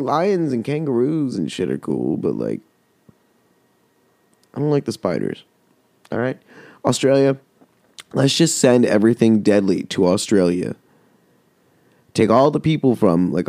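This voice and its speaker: A man's voice: fairly low pitch, gravelly, dark tone, dry recording. A man hosting a podcast, telling a rambling, heavily profane story in casual chat. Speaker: podcast host.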